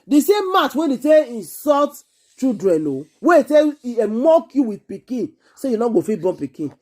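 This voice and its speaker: A woman with a Nigerian accent, hosting an excited monologue to camera in an emphatic, repetitive, exclaiming way. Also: fairly high pitch, normal speed. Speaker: vlogger host.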